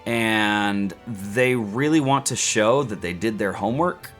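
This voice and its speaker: A man's voice: lowish voice, unhurried, a bit bright, soft background music. A man teaching statistics in a casual video lecture, chatty and joking, with rants and self-mocking asides. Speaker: statistics instructor.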